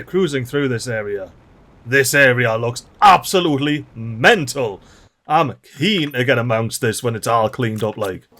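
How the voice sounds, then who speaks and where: A man with a Geordie accent giving excitable, slangy, mildly sweary commentary as he plays a game. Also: fairly high pitch. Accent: Geordie, North East England. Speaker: let's play host. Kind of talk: gameplay commentary.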